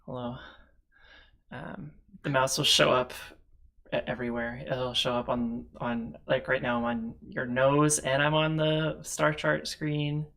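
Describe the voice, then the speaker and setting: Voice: medium pitch, fairly even intonation, a little slow, vocal fry, a bit bright. A host of a streamed tabletop game show, chatting casually and rambling with frequent laughs, from a home setup with two monitors. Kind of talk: casual chat on a live stream.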